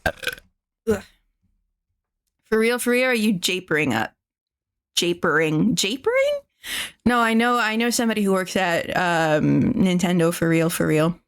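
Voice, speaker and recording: A woman's voice: fairly low pitch, normal speed, pauses often, clear, resonant tone. Sarcastic, foul-mouthed young woman streamer. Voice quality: profane, rambling, sarcastic. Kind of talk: casual chat with live chat.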